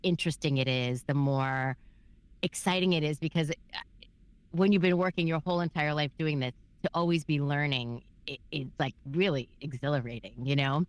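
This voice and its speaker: A woman voice actor chatting casually in an interview, talking in a loose, filler-heavy, animated way. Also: deep voice, moderate pace, clear, resonant tone. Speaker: voice actor guest.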